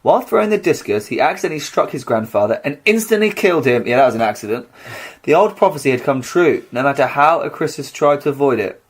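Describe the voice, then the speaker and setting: A man co-hosting a podcast, chatting about a myth with quick, dry wisecracks. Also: mid-range voice, animated, breathy edge. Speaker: podcast co-host. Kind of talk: casual comedic myth chat.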